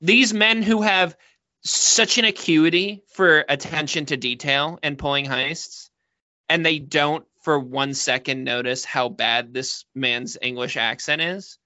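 A man co-hosting a casual film-discussion podcast, animated and opinionated, with lots of filler words. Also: fairly high pitch, dry recording, lo-fi sound. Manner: animated, opinionated, talks fast with many fillers. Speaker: podcast co-host.

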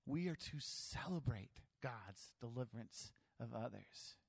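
A man's voice: medium pitch, animated, unhurried, vocal fry, slightly rough, big-room sound. A man preaching a sermon in a casual, conversational way, with self-deprecating humor. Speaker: pastor.

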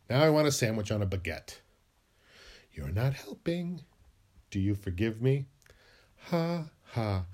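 A man's voice: mid-range voice, a little mellow, breathy edge. Sing-song man bickering with himself. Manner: bickers with himself in two voices. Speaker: podcast host. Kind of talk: comic podcast skit.

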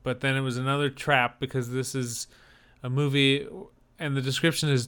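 Bright, crisp-voiced male co-host. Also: medium pitch, little pitch movement, moderate pace. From northern United States. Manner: rambling, enthusiastic, joking. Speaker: podcast co-host. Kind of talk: casual chat reviewing trailers.

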